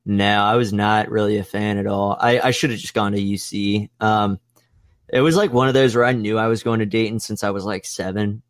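A young man rambles through a casual podcast chat, swearing freely and leaning on filler words. His voice sits a little low. The recording is dry and close. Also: steady tone, brisk, dry recording. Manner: rambling, profane, lots of "like". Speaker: podcast host.

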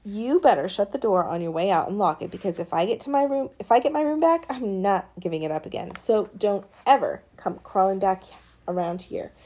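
A woman voicing a feisty, sharp-tongued young girl in an audiobook, taunting and scolding. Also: medium pitch, animated, brisk. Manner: taunting, scolding, sometimes yelling. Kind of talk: audiobook character reading.

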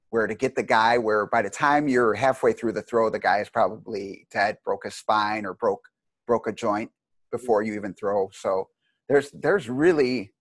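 A middle-aged man, a martial arts teacher, telling long anecdotes in a rambling, animated way with many restarts. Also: mid-range voice, husky, no room sound. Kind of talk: casual storytelling interview.

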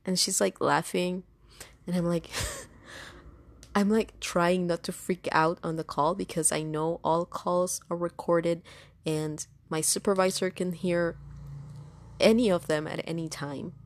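A woman's voice: lowish voice, fairly even intonation, a little slow. A woman telling a story in casual chat, rambling along with lots of fillers. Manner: chatty, rambling with many fillers. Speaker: storytime vlogger.

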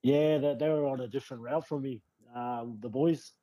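A man, a rugby league player telling his story as a guest in a casual interview, relaxed and rambling with lots of fillers. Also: mid-range voice, moderate pace, no echo, rough recording. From New Zealand.

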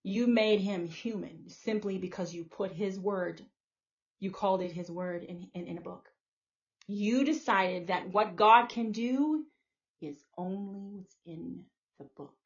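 A woman's voice: medium pitch, a little slow. A woman hosting a podcast, delivering a live, profane, confrontational rant in a preachy tone. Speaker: podcast host. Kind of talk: live ranting monologue. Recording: muffled lo-fi audio.

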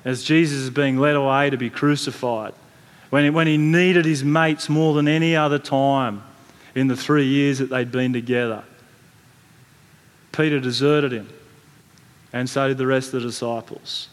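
A man's voice: medium pitch, steady tone, normal speed. Man preaching in a reverberant hall. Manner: conversational storytelling with frequent restarts and repeated words. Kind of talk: sermon. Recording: long reverb from a large hall.

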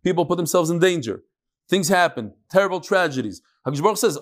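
A man teaching a lively Talmud class, joking with his students and mixing in Hebrew and Yiddish terms. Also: high voice, quick pace.

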